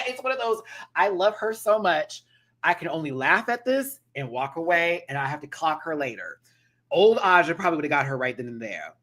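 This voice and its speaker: A man's voice: fairly high pitch, normal speed. A man hosting a live-stream reaction, chatting casually, laughing often and mimicking people as he tells the story. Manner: animated, laughs often, mimics others in quoted asides; calls to viewers by name, affectionate. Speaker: drag show reviewer, host.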